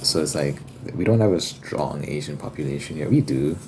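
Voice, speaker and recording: A young man with an extremely deep, low voice rambles loosely in a casual ASMR chat, dropping the occasional swear word. Clear noise sits under the recording, with tapping and shuffled cards behind him. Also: brisk. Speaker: ASMR creator. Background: tapping and card shuffling noise.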